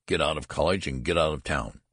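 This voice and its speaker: A man's voice: rumbling low, brisk, fairly bright tone, no room sound, studio quality. A man voicing a stern, exasperated male college registrar who talks in a brusque, scornful way. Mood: angry.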